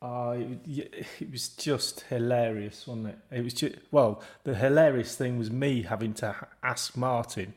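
A man of mid pitch tells a podcast story in lively, rapid bursts, breaking into laughter often. He speaks as a former footballer recalling a funny moment, loose and chatty. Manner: animated anecdote-telling, laughing often, quick bursts. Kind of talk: casual chat.

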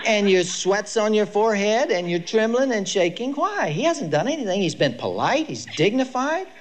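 A man's voice: high voice, normal speed, slight background noise. An older man giving a lecture to a live audience, telling stories with emphasis. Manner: storytelling, emphatic, lively delivery. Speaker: speaker on child discipline.

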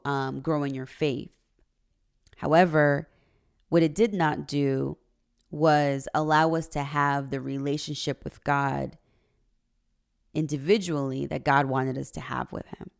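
A woman's voice: sits low, vocal fry, clean tone. A woman hosting a podcast, talking in an earnest, confessional way about her marriage and faith, and sometimes getting emotional. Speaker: podcast host. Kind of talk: personal faith podcast monologue.

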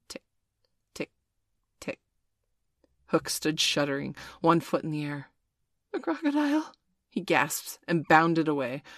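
A woman narrating a children's storybook in a measured, expressive read-aloud. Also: low-pitched, no echo, clean studio sound. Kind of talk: storybook reading.

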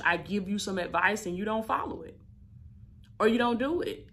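A woman in her thirties, a life coach, giving an emphatic, repetitive motivational talk with an affectionate, preachy warmth. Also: medium pitch. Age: 30s. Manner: emphatic, repetitive, preachy, affectionate, calls listeners "baby" and "y'all". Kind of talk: motivational teaching talk to camera.

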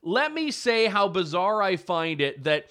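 A man's voice: high-pitched, very animated, a little slow, fairly bright tone, smooth. A man co-hosting a political commentary show, talking in a wry, amused, chatty way.

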